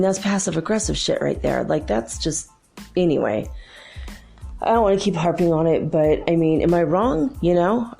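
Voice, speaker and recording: Low, gravelly woman host talking casually. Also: mellow. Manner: chatty, exasperated storytelling with frequent fillers. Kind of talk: casual monologue to listeners.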